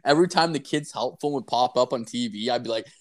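Profane, animated man swapping stories. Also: mid-range voice, fast. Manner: animated, profane, laughing storyteller. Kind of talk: casual storytelling chat.

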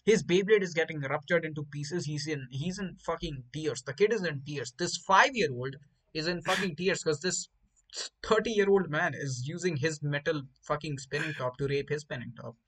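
A man's voice: a little high, moderate pace, low-quality recording. A young man from India, host of a casual podcast, telling crude school stories with lots of swearing and acted-out voices. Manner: profane, animated, acts out voices of others. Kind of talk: casual crude storytelling chat.

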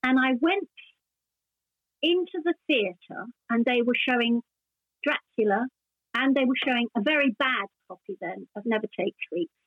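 A woman's voice: fairly high pitch, lively intonation, moderate pace, dry recording. Older woman telling stories over a tinny line. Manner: warm, chatty anecdotal storytelling with many restarts. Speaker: actress guest. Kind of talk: casual interview chat. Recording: dry tinny phone-like line.

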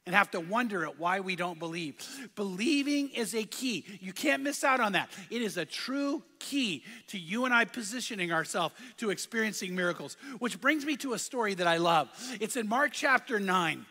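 Middle-aged pastor, high and bright tone, fervent repeating sermon delivery, long church reverb. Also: male voice, expressive, moderate pace. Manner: fervent preaching with repetition and call-and-response.

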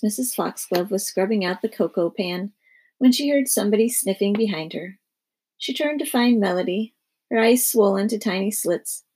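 A woman reading a children's storybook aloud, gently voicing each character's lines. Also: medium pitch, breathy edge. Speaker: narrator.

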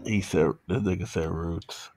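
A man's voice: low voice, fairly even intonation, unhurried, darkish tone, slight background noise. A man co-hosting a casual podcast chat, teasing and exasperated.

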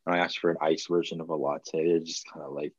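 A man's voice: rumbling low, flat delivery, fast, highs cut off. A young man co-hosting a podcast over a video call, chatting casually and jokingly with lots of fillers. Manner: joking, rambling with many fillers. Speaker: podcast co-host. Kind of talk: casual chat.

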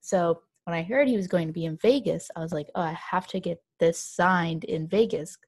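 A young woman with a fairly low, husky voice co-hosts a casual chat, spinning her story in long run-on bursts packed with "like" and restarts. Her pace is moderate and her manner animated. The recording is dry and close, with no room sound at all.

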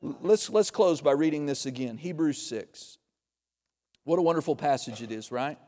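Pastor, man, fairly high voice, chatty humorous sermon with loud bursts, long hall reverb. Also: animated, moderate pace. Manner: conversational, joking preaching with sudden loud bursts.

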